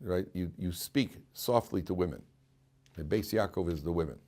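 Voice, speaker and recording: This rabbi's voice is deep and darkish, moving at a moderate pace. Teaching his weekly Torah class, he lectures informally in a joking, conversational manner, often restarting and repeating phrases.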